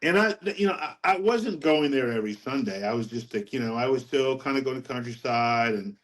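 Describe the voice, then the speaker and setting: A middle-aged man, a podcast guest, telling his faith story in a rambling, animated way and laughing at his own anecdotes. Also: mid-range voice, brisk, rough recording. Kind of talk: casual testimony storytelling.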